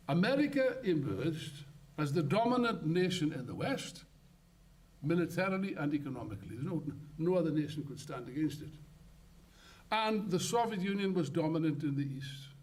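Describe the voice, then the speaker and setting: An older man giving an impassioned, rambling congress speech, swinging from loud outbursts to muttered asides. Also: on the high side, distant mic. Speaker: political speaker. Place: conference hall.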